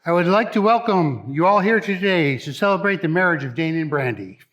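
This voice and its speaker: A man with a notably high voice gives a wedding toast as father of the bride. He is tearful and halting, tripping over his words as emotion gets the better of him. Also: lively intonation, a bit bright, muffled recording. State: crying. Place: wedding reception.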